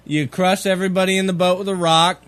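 A man's voice: sits high, little pitch movement, quick pace, a bit bright, no echo. A man co-hosting a podcast, playful and giggly in casual chat. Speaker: podcast co-host.

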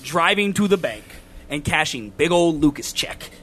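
Guy ranting on a podcast, high voice swinging all over, bright tone, yells a lot. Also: lively intonation, moderate pace. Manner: loud, exasperated ranting that climbs into shouting. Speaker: podcast co-host. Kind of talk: casual ranting podcast chat.

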